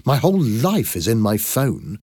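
A man reading an audiobook and voicing a frightened but brave young woman tourist in a husky voice. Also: mid-range voice, big pitch swings, measured pace, dark tone, dry recording, clean studio sound, voice pushed up. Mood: worried.

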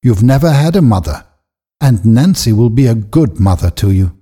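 A man playing an earnest wealthy gentleman. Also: mid-range voice, lively intonation, normal speed, close to an everyday voice. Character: wealthy gentleman, pleading then agitated.

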